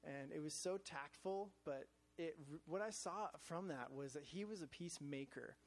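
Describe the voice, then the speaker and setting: A man's voice: on the high side, normal speed. A man telling a casual, rambling story to a church group, full of fillers and restarts. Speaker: church staff speaker sharing a devotional. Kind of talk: informal testimony talk to a group. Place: in front of a group, gadgets in hand.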